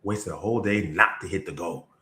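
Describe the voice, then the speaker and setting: Energetic male sales coach, roomy sound. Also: a little fast. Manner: energetic, with sudden jumps up in pitch and loudness. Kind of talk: motivational storytelling talk. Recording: roomy echo.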